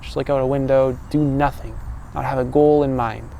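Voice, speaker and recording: A young male coach muses aloud in a relaxed, unscripted way, often tagging his points with a questioning "right?". His voice has a gravelly, creaky texture at a middle pitch. Faint street ambience sits quietly under him. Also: normal speed, slight background noise. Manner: calm, loose, many "right?" tags and restarts. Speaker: personal growth coach. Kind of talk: casual reflective monologue.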